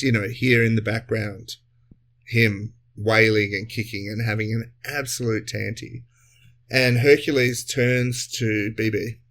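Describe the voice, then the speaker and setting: A man's voice: fairly low pitch, a bit bright. Chatty man recapping a story. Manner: chatty, explains at length with tangents. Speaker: co-host. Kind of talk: casual comedy podcast recap.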